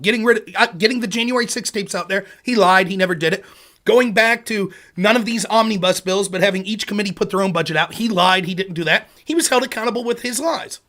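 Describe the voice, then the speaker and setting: A man with a strikingly high voice hosts a political stream from a home setup. He rants heatedly, swears often and slips into mocking sarcasm. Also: bright, forceful tone. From Pennsylvania. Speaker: political livestream host. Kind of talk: profane political rant.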